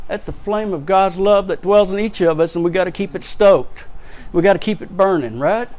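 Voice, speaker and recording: A man's voice: sits high, darkish tone. Emotional man sharing his story. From Louisiana, raised in Texas. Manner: halting, repeats words, emotional, self-deprecating humor. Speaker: recovery speaker. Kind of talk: personal share at a recovery meeting.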